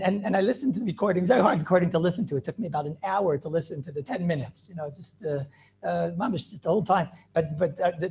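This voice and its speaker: A rabbi with a high, creaky, darkish voice tells inspirational stories, dropping Yiddish and Hebrew words into his talk. He repeats phrases often and restarts as he retells them.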